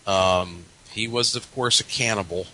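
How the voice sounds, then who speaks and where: A man's voice: lowish voice, a little slow, very noisy. A man hosting a talk show, musing aloud in a reflective, hesitant way. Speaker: podcast host. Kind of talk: casual chat.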